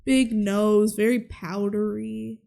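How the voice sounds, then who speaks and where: A woman's voice: medium pitch, slow pace, creaky. A young adult woman co-hosting a podcast, recapping a movie in casual chat and acting out the characters' lines. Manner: animated, acts out characters' lines. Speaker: podcast co-host.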